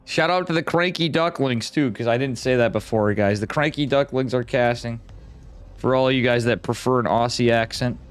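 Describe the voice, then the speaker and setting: A man's voice: mid-range voice, normal speed. A man casting an esports match, chatting casually with a rambling, joking manner and frequent swearing. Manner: rambling, jokey, swears freely. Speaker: esports caster.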